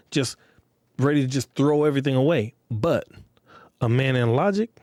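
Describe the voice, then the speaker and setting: On his own podcast, a man with a medium-pitched voice delivers a casual solo monologue, blunt and profane and full of street slang. He turns animated whenever he acts out other people. The recording is dry and of studio quality.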